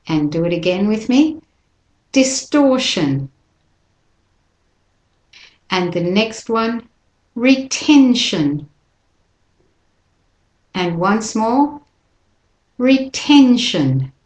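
A woman teaching an English pronunciation lesson, slowly modelling words and sentences for listeners to repeat. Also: lowish voice, darkish tone. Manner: slow, careful modelling of words for repetition. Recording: echoey room.

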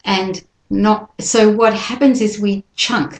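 A woman leads a pronunciation lesson, taking her time and saying each word deliberately so listeners can repeat after her. Her voice sits at an ordinary middle pitch, and the room around her gives back a noticeable echo. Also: a little mellow. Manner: slow, careful modelling of words for repetition. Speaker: pronunciation teacher. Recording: echoey room.

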